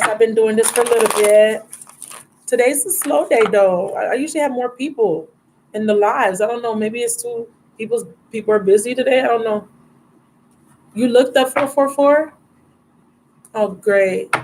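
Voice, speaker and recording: A woman's voice: a little high, background noise. A woman hosting a live tarot reading stream in a casual, affectionate way, calling viewers baby and love.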